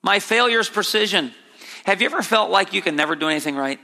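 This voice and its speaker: Male preacher, emphatic sermon, repeats phrases, somewhat high voice, gravelly, long hall reverb. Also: expressive, fast talker, bright, forceful tone. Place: church sanctuary, broadcast on air.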